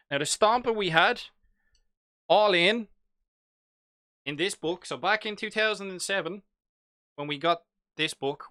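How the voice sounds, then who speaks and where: A man's voice: on the high side, bright, forceful tone, clean tone, dry recording, studio quality. A young man with a Dublin accent, chatting casually and jokily while hosting a live hobby stream. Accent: Irish, Dublin. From Ireland. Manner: chatty, jokey, reads chat aloud.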